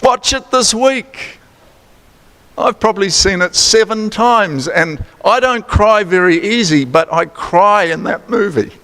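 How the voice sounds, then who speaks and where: Lively New Zealand preacher in a reverberant church. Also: male voice, high voice, a little slow. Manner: animated, chatty, playful teasing. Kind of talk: sermon with quiz and asides. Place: church sanctuary. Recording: long church hall reverb.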